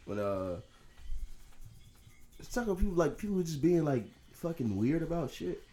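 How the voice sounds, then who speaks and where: Male co-host, casual and profane, lively up-and-down delivery. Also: a little high, normal speed. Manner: animated, profane, laughs often. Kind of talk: casual chat.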